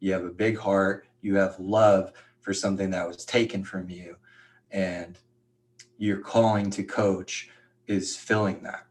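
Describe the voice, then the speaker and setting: A man's voice: low voice, level tone, measured pace. A man on a live group coaching call who talks casually, fills his speech with "like", and prays aloud. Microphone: video call.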